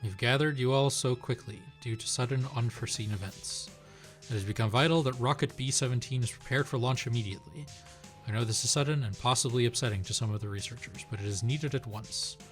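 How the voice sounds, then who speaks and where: A man's voice: medium pitch, fairly quick, soft background music, lightly acted. A man voicing a formal male official who makes a stiff announcement, reading game dialogue aloud.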